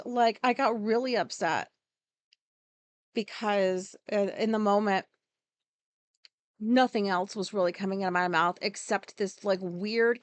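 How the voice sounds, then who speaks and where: A woman's voice: mid-range voice, no room sound. A woman podcast host telling a personal story in a candid, rambling monologue, swearing freely. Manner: frank and profane, rambling with many asides.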